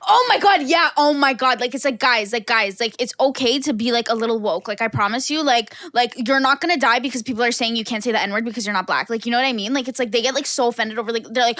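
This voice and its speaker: Brash young woman, high voice. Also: fast, hardly any pauses, fairly bright tone, dry recording, studio quality. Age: young adult. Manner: brash, profane, storytelling with lots of "like". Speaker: podcast guest. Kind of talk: casual chat.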